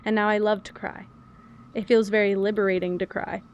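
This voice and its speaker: Playing a game on stream, a young adult woman talks openly and casually, chatty and lively, and describes herself as loud and yappy. She speaks briskly at medium pitch, the audio dull with slight background noise.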